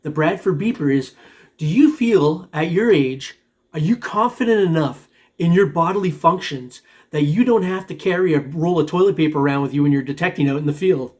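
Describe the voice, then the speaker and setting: Fairly high-pitched and a little mellow, this man's voice moves slightly fast. He hosts a metal detecting vlog, casually rambling to his viewers, chuckling frequently and calling everyone "man."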